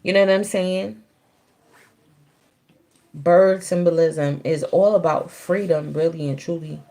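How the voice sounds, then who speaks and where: A woman's voice: on the low side, fairly even intonation, a little slow, mellow. Chatty woman streaming a spiritual reading. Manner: loose and chatty, breaks off to scold children. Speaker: spiritual reader on a livestream. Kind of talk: casual livestream talk.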